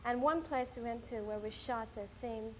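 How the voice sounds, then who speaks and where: Young woman, lively rambling chat, bit high-pitched, faint hiss behind. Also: moderate pace, low-quality recording. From United States. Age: young adult. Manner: animated, rambling storyteller with many fillers. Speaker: interviewee, documentary film-maker. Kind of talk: casual chat.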